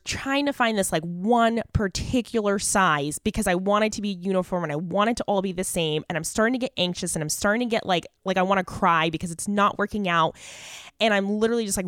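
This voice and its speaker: A woman's voice: medium pitch, dry recording, clean studio sound. A woman guest on a podcast, telling a story in an earnest, chatty way with lots of fillers. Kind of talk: casual storytelling.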